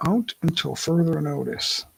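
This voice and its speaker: A man hosting a casual livestream, his slightly raised voice heavily gravelly and husky. He talks in loose, rambling runs and keeps correcting himself mid-sentence. The sound is dry and close, with no room around it. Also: on the high side, expressive, a little slow, dry recording, low-quality recording. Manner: rambling, self-correcting, laughs often. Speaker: livestream host. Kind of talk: casual live-stream chat. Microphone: laptop mic.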